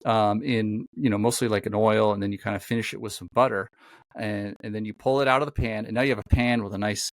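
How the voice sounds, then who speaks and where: A man's voice: on the low side, steady tone, fast, dry recording. Rambling, easygoing man in casual chat. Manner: rambling storyteller, lots of fillers and restarts. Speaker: podcast host.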